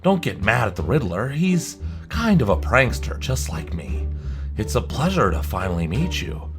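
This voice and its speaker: A scheming, playful villain voiced by a man in a game roleplay. He talks in a sly, teasing way with a lively, bouncing pitch, and faint music runs underneath. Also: moderate pace. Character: playful, scheming male villain Joker, fond of pranks. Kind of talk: Minecraft roleplay voice acting.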